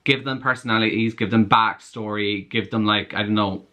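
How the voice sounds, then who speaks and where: A man chatting to camera about what he has been reading. His voice is bright and forward, and he gushes and rambles with plenty of fillers. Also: lowish voice, steady tone, normal speed. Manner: chatty and gushing, full of likes and fillers. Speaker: book vlogger. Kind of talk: casual reading vlog.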